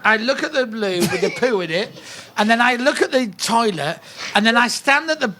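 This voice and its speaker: A man telling a funny story in a casual chat, excitable and laughing as he goes. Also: extremely high pitch, a little fast, noisy background. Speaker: podcast guest. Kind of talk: casual anecdote.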